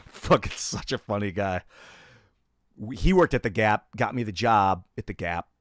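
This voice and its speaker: A man's voice: fairly low pitch, animated, measured pace, no echo, studio quality. A middle-aged man streaming live and telling stories from his life in a loose, rambling way, with lots of fillers and swearing. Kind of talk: casual storytelling on a live stream.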